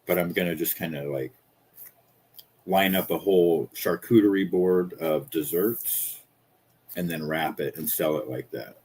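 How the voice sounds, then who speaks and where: A man's voice: deep voice, a little slow, darkish tone, breathy edge. Profane, rambling man in his fifties. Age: 50s. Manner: profane, rambling, indignant storytelling. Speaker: small-business chocolatier streaming. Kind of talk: casual ranting monologue.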